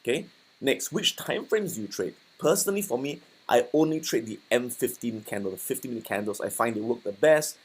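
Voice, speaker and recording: A man's voice: mid-range voice, animated, a little fast, husky. A man teaching trading in a casual recorded lesson, talking conversationally and often checking in with his listeners. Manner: conversational, checks in with "okay" and "right". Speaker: forex trading instructor.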